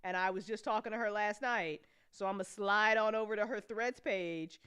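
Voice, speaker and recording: Woman host, casual and animated, crisp clear voice, dry close mic. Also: mid-range voice, moderate pace, no room sound. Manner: giggly, animated, frequent laughter. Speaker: host and show creator. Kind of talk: casual chat after a live listen party.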